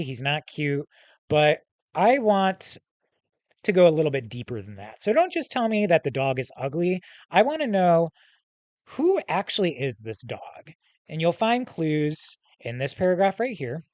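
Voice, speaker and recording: A man teaching, reading a novel aloud to his class and guiding them through questions with animated explanations. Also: fairly high pitch, no room sound.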